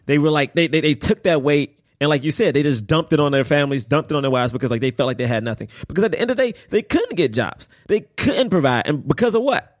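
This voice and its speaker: A man co-hosting a podcast, talking casually about a film with friends and getting animated as he goes. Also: fast talker, dry recording, studio quality. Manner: animated, jumps way up in pitch when excited. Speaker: podcast co-host.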